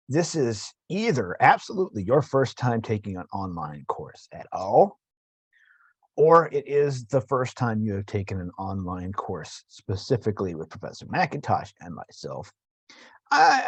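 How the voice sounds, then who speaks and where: A man teaching a course, explaining an online classroom tool in a gravelly morning voice, halting and restarting as he talks. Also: on the low side, no echo. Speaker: instructor. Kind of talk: screen-recorded tutorial.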